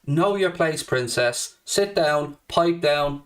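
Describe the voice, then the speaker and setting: A man's voice: fairly high pitch, expressive, slow, few pauses, distant mic. A young Irish man hosting a live stream, reading out viewer comments and answering with brash, profane banter. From Ireland. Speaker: host.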